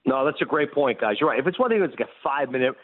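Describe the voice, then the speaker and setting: A Canadian-born man, a guest sports broadcaster, telling stories in an animated, quick way on a casual sports radio show. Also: medium pitch, no room sound. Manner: animated storyteller, quick, laughs often. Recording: tinny phone-line remote audio.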